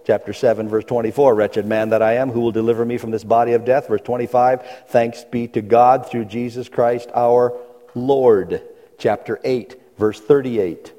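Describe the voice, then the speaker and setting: A man's voice: medium pitch, steady tone, normal speed, dark tone. A man preaching a sermon, reading scripture aloud and pressing his listeners with earnest questions. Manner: earnest preaching, reads scripture aloud, builds to urgent pleas. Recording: long reverb of a large hall.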